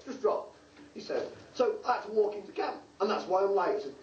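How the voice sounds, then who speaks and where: An English man tells a long joke on stage, his voice high and swinging widely as he acts out the people in the story. He is heard from a distance in a roomy hall. The recording is dull and lo-fi with a faint hum. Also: a little fast. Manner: animated storyteller acting out the scouts' voices. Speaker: scout leader telling a joke on stage. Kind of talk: stand-up joke telling. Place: hall stage at a group show.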